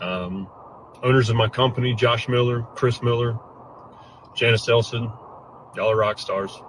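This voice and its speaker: A man's voice: mid-range voice, fairly even intonation, unhurried, long pauses. Emotional man, faint background noise. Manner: earnest, choked up, blunt. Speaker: hurricane survivor giving an update. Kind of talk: emotional first-person update.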